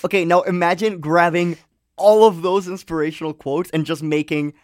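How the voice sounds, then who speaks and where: A man's voice: a little high, normal speed, no room sound. A man co-hosting a podcast who rants animatedly and laughs often in casual chat. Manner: animated, ranting, laughs a lot. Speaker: podcast co-host.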